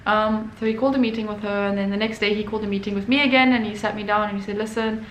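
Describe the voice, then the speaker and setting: A woman hosting her own channel, telling a story in a casual, animated way and acting out quotes. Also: medium pitch, racing, echoey room, slight background noise, poor audio. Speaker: artist and channel host.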